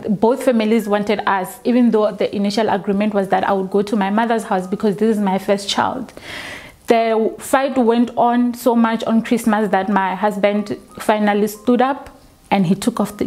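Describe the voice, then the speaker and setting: A woman, telling her own story for a documentary, slow and halting with frequent restarts. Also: medium pitch, fairly even intonation, a little mellow. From South Africa. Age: 20s. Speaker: documentary interviewee. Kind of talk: personal testimony.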